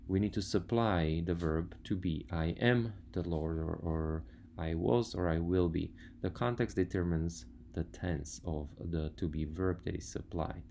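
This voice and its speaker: A man with a very low voice gives a grammar lesson over slides. He works through word lists one at a time and explains each point methodically. A faint hum sits under the recording. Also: creaky, a little mellow. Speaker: language teacher.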